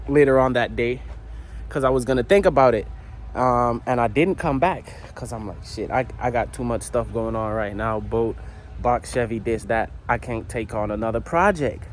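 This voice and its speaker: A man's voice: medium pitch, a little hiss or hum. Man slangy, rambling garage vlogger. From U.S. Virgin Islands. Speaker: motorcycle builder. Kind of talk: casual vlog talk. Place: home garage.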